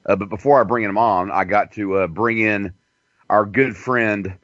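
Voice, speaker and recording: A man's voice: on the low side, fairly even intonation, normal speed, a bit bright, no echo. A man hosting a talk radio show, rambling and crude, with a joking manner. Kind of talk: casual talk radio monologue. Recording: dull dry lo-fi sound.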